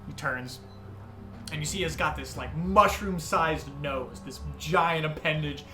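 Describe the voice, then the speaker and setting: A young man narrating as game master, describing scenes in an animated, rambling way with many fillers. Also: fairly high pitch, measured pace. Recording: music under the voice.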